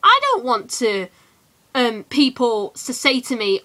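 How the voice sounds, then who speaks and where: A teenage woman from England ranting in a casual vlog, animated and full of quick asides. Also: on the high side. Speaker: vlogger.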